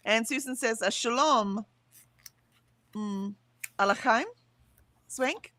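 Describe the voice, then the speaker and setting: Her voice a little high and her speech slow, a woman streams casually from bed at home with no echo. She reads chat comments aloud, chatting in a lively manner and laughing often.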